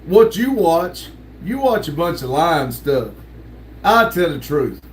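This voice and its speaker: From a home room lined with stickers, an older man reads his livestream chat aloud slowly, in a laid-back drawl with big swings in pitch and lots of laughs. His voice is a little high, with slight background noise behind it.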